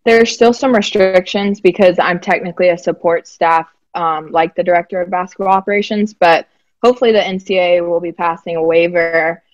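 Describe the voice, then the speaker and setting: A young woman from Alabama with a faint Southern accent softened toward the West Coast, chatting easily as an interview guest. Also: fairly low pitch, fairly even intonation, fairly quick, no echo, dull audio. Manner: easygoing, chatty, laughs lightly. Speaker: guest, basketball player development director. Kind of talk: casual interview chat.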